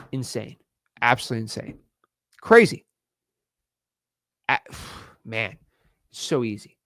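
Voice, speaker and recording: A young man coaching real estate wholesaling in an energetic online course style, hyped and slangy with rapid repeated words. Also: lowish voice, dry recording, clean studio sound.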